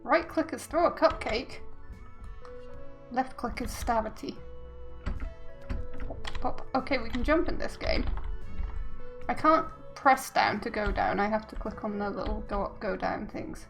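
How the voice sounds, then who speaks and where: High-voiced woman chatting through a game. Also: normal speed, gravelly, a bit bright, soft background music. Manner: chatty, self-mocking, laughing. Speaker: game streamer. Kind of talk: casual gameplay commentary.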